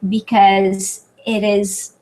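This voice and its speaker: A French-accented woman tutoring over a video call, her voice sitting at a middling pitch. She talks haltingly, trailing off and filling gaps with ums as she hunts for words. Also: little pitch movement, a little mellow, low-quality recording. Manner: hesitant, searching for words with many fillers. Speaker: French tutor hosting a webinar. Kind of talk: live online Q&A lesson. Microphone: computer mic on a video call.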